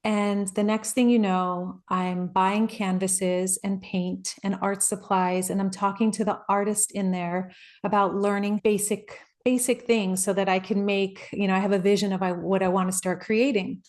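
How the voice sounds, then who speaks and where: A woman life coach giving a reflective, earnest motivational talk, personal in tone, with soft laughs along the way. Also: medium pitch, little pitch movement, moderate pace.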